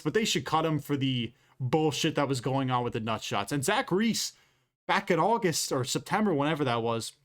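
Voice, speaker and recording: A man's voice: on the high side, a bit bright. A man giving a casual, off-the-cuff fight recap, blunt and opinionated, swearing freely. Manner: quick, off-the-cuff delivery with fillers. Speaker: MMA commentator and YouTuber.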